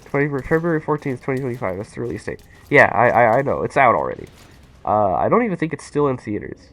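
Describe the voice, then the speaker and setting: A young man chatting casually and excitedly with his viewers while playing a game on a live stream. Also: mid-range voice, quick pace. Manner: excitable, rambling, talks to chat.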